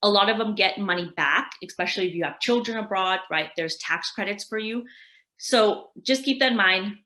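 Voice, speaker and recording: A woman's voice: mid-range voice, moderate pace, bright, forceful tone. Chatty woman tax advisor, roomy sound. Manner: chatty, rambling explainer. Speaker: tax advisor presenting a workshop. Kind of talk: casual online workshop presentation.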